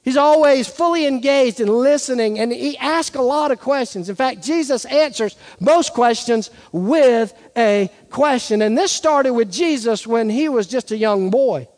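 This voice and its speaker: A man's voice: very high voice, unhurried, few pauses, darkish tone. A man pastor delivering a sermon, talking conversationally and asking rhetorical questions. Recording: reverberant hall.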